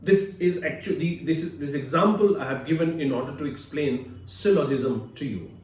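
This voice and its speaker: A male literature professor with an Indian English accent giving a recorded video lecture, measured and explanatory with frequent "uh" fillers. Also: on the high side, a little mellow, distant mic. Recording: echoey room, speaker away from mic.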